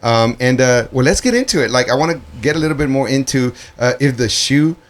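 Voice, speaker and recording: A man hosting a radio interview show, asking questions in a relaxed, encouraging way with frequent "yeah"s. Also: medium pitch, brisk. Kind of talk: casual interview chat.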